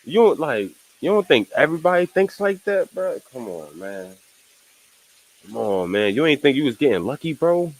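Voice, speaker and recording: A man's voice: mid-range voice, moderate pace, low-quality recording. Slangy, rambling young man reacting. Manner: rambling, slangy, repeats "you know what I'm saying"; animated, laughing asides. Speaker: streamer reacting to a video. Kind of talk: casual reaction commentary.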